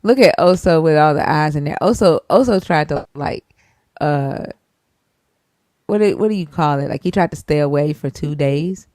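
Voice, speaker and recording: A woman's voice: sits low, moderate pace, mellow, no room sound, clean studio sound. A woman hosting a live stream, laid-back and chatty, swearing and laughing often. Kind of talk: casual chat.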